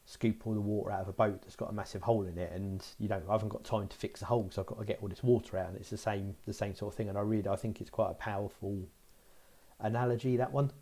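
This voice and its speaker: A man's voice: on the low side, steady tone, fast, creaky, dark tone. A middle-aged man co-hosting a podcast, talking in a reflective way as he thinks aloud. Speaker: podcast co-host. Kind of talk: casual podcast chat.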